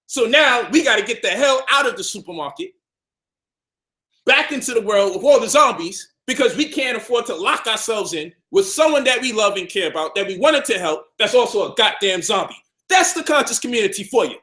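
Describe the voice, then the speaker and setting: A man's voice: high voice, expressive, fairly quick, bright, forceful tone. A man from Brooklyn, delivering an emphatic, combative monologue to camera about health and his community, repeating points for stress. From Brownsville, Brooklyn, New York. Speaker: health and conscious-community speaker.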